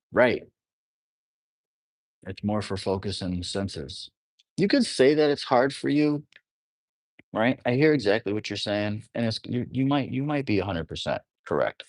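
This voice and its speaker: A man's voice: on the low side, dry recording. A man talking through astrology in a casual, rambling monologue, often checking in with the listener. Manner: rambling, conversational, often asks "you know what I'm saying". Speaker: astrology teacher.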